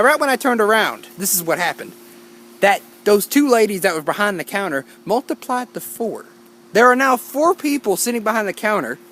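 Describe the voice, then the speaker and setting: A young man telling a story in a high voice that swoops and bounces all over the place. He is casual and jokey, and he keeps turning to the viewers with playful asides. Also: a bit bright. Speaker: storytime YouTuber.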